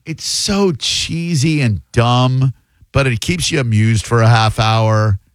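A man's voice: medium pitch, takes it slowly, no echo. A man hosting a radio show in casual chat, with a sarcastic, teasing manner. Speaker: radio host.

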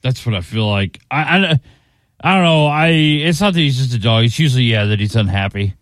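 Easygoing male co-host, lively voice. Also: medium pitch, fairly quick, dry recording, studio quality. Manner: easygoing, agreeable reactions. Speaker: radio co-host. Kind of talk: casual talk show banter.

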